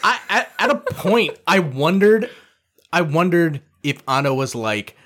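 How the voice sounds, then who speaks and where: Higher-voiced man mocking a film. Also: big pitch swings, measured pace, fairly bright tone. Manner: laid-back, profane, mocking. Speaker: podcast co-host. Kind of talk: casual film review chat.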